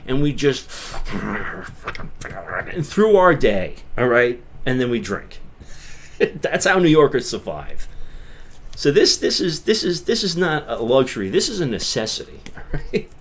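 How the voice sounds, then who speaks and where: A man from Long Island, chatting casually on his livestream in a rambling way that swings from mutters to loud bursts. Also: medium pitch, sing-song, measured pace. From Long Island, New York. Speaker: livestream host.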